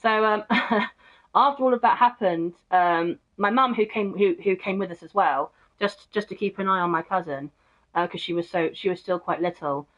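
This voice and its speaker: A woman's voice: medium pitch, moderate pace, fairly bright tone. Young woman streamer, chatty rambler with fillers and laughter, mid voice, muffled recording. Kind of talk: casual storytelling chat. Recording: dull lo-fi mic.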